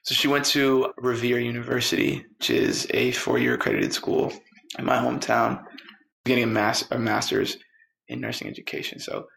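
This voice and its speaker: A man telling a personal story, lively and quoting the people in it. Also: mid-range voice, normal speed, creaky. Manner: lively, quotes people in dialogue. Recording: roomy echo with faint music.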